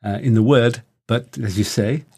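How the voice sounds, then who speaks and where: A man's voice: mid-range voice, normal speed, vocal fry, darkish tone, breathy edge. Friendly man co-hosting a language lesson. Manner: friendly, asks questions, practices phrases as a learner. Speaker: co-host, learner.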